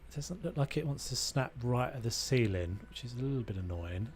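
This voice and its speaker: A young man streams a renovation game, thinking aloud casually and muttering to himself as he builds, tossing in self-deprecating asides. His medium-pitched voice is animated and a little fast, with a slight hiss or hum on the recording.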